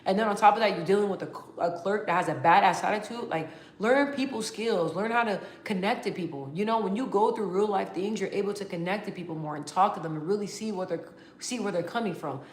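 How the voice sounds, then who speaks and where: A woman vlogging casually to her viewers, talking in an animated, emphatic way with slang and frequent restarts. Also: mid-range voice, quick pace, roomy sound. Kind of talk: casual talk to camera.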